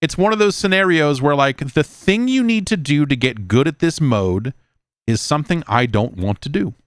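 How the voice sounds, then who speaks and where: A man's voice: a little high, expressive, normal speed, clean tone, no room sound, studio quality. Stammering, rambling male podcast host. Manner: rambling, stammering, swears casually. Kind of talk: casual chat reading listener mail.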